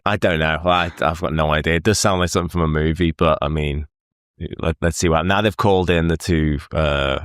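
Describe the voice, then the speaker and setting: Deep-voiced man commenting casually. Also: no room sound, studio quality. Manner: rambling, laughs often. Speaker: reaction video host. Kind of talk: casual commentary over clips.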